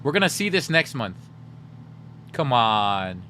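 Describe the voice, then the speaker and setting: Bright-voiced joking young streamer man. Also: medium pitch, slow, slight background noise. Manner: joking, animated, teasing. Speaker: livestream host. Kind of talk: casual livestream chat to viewers.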